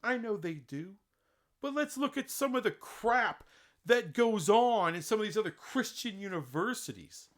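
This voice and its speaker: A man delivers an opinionated sports rant in a fairly high voice. His pitch swings widely as he presses point after point. He sounds indignant and fires off rhetorical questions. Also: animated, normal speed. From Texas. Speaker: sports commentator. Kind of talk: opinionated solo commentary.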